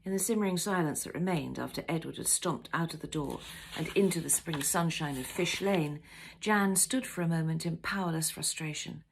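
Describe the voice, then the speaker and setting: A woman author reading her own novel aloud in an unhurried storybook style, chatting easily between chapters. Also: low voice, gravelly, a little hiss or hum. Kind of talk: storybook narration.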